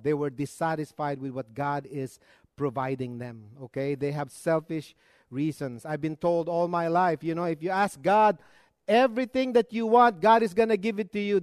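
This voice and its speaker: A man with a fairly high voice preaches to his congregation, swinging between loud emphatic lines and quiet, low asides. The sound is dry and close, with little room around it. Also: dry recording. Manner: preaching with dramatic rises and drops, conversational asides. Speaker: pastor. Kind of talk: sermon.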